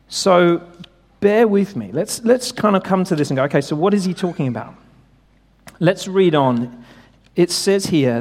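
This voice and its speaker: Man preaching in a reverberant hall. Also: sits high. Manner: conversational, emphatic, rhetorical questions. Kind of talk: sermon.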